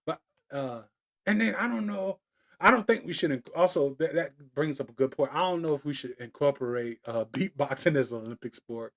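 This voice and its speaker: Brisk and fairly bright, this man's voice sits on the high side as he hosts his podcast alone. He rambles playfully and casually, slipping into rhymes and laughing now and then.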